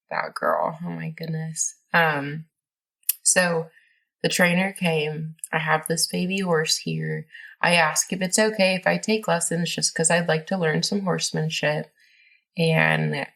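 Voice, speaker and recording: Woman guest, lowish voice, gravelly, rambling with lots of fillers. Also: slow pace, fairly bright tone. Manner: rambling, many fillers and restarts. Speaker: podcast guest. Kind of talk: casual storytelling interview.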